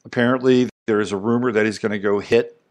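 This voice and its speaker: A man's voice: lowish voice, fairly even intonation, quick pace. Male podcast host, middle-aged, casual emphatic monologue with asides. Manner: rambling, emphatic, conversational, with frequent asides.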